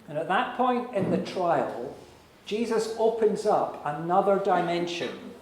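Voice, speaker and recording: High-voiced man preaching in echoey church. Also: lively intonation, slight background noise. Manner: earnest, persuasive preaching with dramatic pauses. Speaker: pastor. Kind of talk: sermon. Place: church hall.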